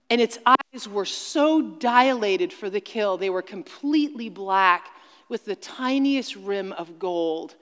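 A woman's voice: medium pitch, lively intonation, takes it slowly, fairly bright tone. A woman speaker telling a dramatic story and preaching on stage, with emphatic exclamations, heard through a stage sound system in a large hall. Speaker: conference speaker. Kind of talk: sermon-like storytelling talk. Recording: long reverb of a large hall.

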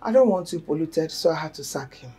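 A woman's voice: deep voice, expressive, fast talker, dark tone, husky, exaggerated voice. A middle-aged woman playing a stern, domineering mother who lectures firmly in formal wording.

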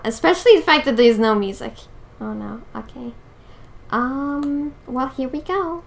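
A young woman in casual let's-play commentary, excitable and giggly, talking to her viewers. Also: a little high, takes it slowly, gravelly, faint music behind. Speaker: gameplay streamer.

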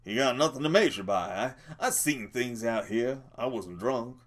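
A man's voice: mid-range voice, lively intonation, normal speed, a bit bright, pitched above the performer's own voice, close to an everyday voice. A man doing a lonely, brooding old stable hand. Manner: drawling, stammered rural speech.

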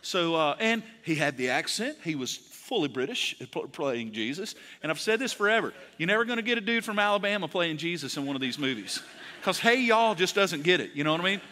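A man preaching a sermon in a church, lively and conversational, mixing jokes with earnest points. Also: fairly high pitch, a little fast, few pauses. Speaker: pastor. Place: church auditorium. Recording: long reverb of a large hall.

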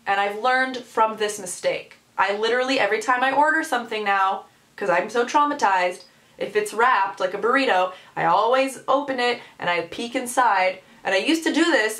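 A woman in her twenties telling a story on her vlog in an animated, sarcastic way. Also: on the high side. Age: 20s. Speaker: vlogger. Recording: echoey room sound.

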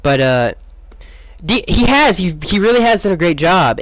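A man with a slightly high voice gives a rambling, excitable recap of a football game. The recording is close and dry, with no room sound. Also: moderate pace, no echo. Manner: rambling and excitable, swaps swears for "crapping". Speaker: football fan giving his take.

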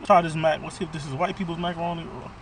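A man's voice: fairly high pitch, fairly even intonation, racing, a little hiss or hum. A man doing a casual food review vlog from his car, talking bluntly and profanely as he rants about the food.

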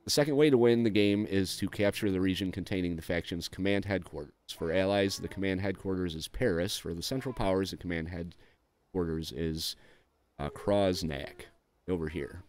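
A man's voice: deep voice, moderate pace, darkish tone. A man casually walking through a strategy game, reading on-screen text aloud with frequent fillers and dry offhand asides. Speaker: gameplay video host.

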